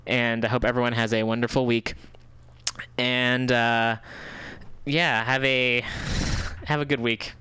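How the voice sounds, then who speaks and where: A man's voice: mid-range voice, flat delivery, a little slow, pauses often, bright, forceful tone, smooth, no room sound. A male community radio host casually wrapping up his show in a studio and reading news articles aloud. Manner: casual, chatty, reads articles aloud with fillers. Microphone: studio microphone.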